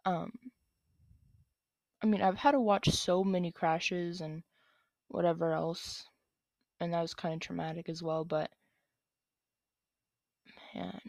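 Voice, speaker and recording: A woman's voice: lowish voice, little pitch movement, slow pace, creaky, pauses often, a little mellow, dry recording. Rambling young woman with a dry close sound. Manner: rambling, lots of ums and likes. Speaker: vlogger answering questions. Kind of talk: casual Q&A vlog.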